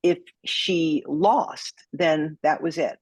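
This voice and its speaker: A woman's voice: sits low, takes it slowly, a little mellow, husky, no echo. A woman, a judo sensei and podcast guest, telling a story vividly and acting out the quotes.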